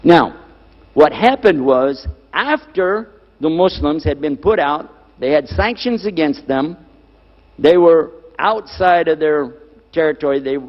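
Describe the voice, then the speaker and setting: High-voiced male preacher in an echoing hall. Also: lively intonation, unhurried. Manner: emphatic, repeats key words, asks the audience questions. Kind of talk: lecture on scripture to a live audience. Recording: dull lo-fi recording with long hall reverb.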